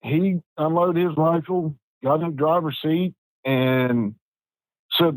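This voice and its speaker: A man, telling a personal story as a podcast guest in an unhurried, plain-spoken way with frequent restarts. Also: on the high side, steady tone, no echo, rough recording. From West Virginia. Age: 50s.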